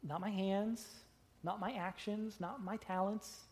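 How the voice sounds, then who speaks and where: Guy preaching a sermon, chatty, gets loud on key words then drops quiet. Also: high-pitched, steady tone, a little slow. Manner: emphatic, swings between loud stressed words and quiet asides; conversational with rhetorical questions. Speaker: pastor.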